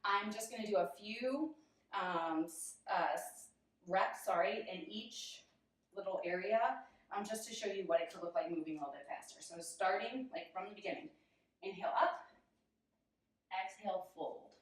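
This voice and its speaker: A woman's voice: mid-range voice, moderate pace. A young woman teaching yoga while doing the poses, chatty and laughing at herself, out of breath as she moves. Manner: giggly, self-deprecating, chatty. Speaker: yoga instructor. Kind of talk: guided yoga instruction while demonstrating. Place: room, instructor moving on a mat. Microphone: camera mic at a distance. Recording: very echoey room, voice from far off.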